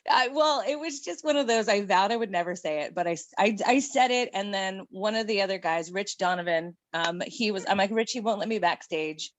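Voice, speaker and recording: A woman's voice: mid-range voice, fairly quick, few pauses, no room sound. Chatty middle-aged woman telling a story. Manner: animated, laughing storyteller. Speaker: guest. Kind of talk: casual storytelling chat.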